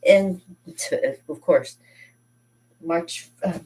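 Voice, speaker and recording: This art teacher's voice is fairly low, a little mellow and husky, and she speaks extremely slowly on a distant mic. She chats casually and enthusiastically about kids' painting projects, with many fillers and self-corrections.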